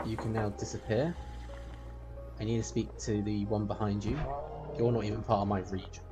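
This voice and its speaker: A man's voice: fairly low pitch, little pitch movement, normal speed. A man giving a running let's play commentary and chatting to the characters in the game. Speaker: gameplay streamer. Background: game music.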